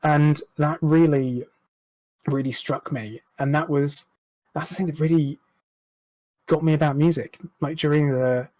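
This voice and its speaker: A man's voice: fairly high pitch, fairly even intonation, unhurried, long pauses, darkish tone, no echo, rough recording. A man, speaking frankly and reflectively as a podcast guest, swearing now and then. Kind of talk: candid interview chat.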